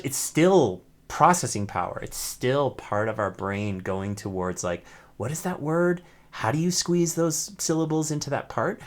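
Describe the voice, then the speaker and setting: Encouraging male ukulele teacher. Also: mid-range voice. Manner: encouraging, explains step by step, often asks "right?". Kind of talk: teaching an online class.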